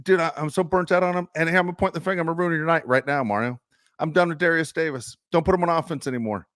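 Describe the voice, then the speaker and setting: A man's voice: a little high, rapid-fire, fairly bright tone, no room sound, clean studio sound. A man co-hosting a sports podcast, ranting in exasperation about his team's play in casual chat. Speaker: podcast co-host.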